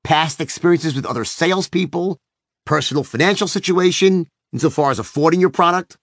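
A man's voice: on the high side, brisk, fairly bright tone, no echo, studio quality. A man narrating his own book as an audiobook in a brash, emphatic manner. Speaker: author-narrator.

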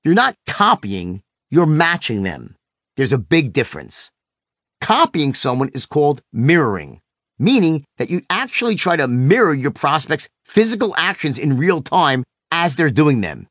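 A middle-aged man teaching a sales technique in a brash, animated way, swearing freely and acting out the people in his stories. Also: unhurried, dry recording, studio quality. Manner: brash, swears freely, acts out quotes with big pitch swings. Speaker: sales trainer. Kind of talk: animated teaching monologue with acted anecdotes.

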